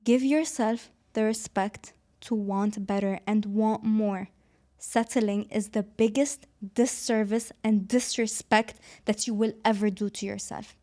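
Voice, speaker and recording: A woman in her twenties, from the Arab world, hosting a solo podcast and giving emphatic, animated advice with a few Arabic words mixed into her English. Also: mid-range voice, a little slow. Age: 20s. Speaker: podcast host.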